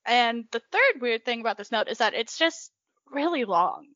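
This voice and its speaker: A young woman co-hosting a podcast in casual chat, chatty and quick to agree. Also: a little high, very animated, a bit bright, dry recording. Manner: chatty, frequent agreeing "yep". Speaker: podcast co-host. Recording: dull lo-fi, dry sound.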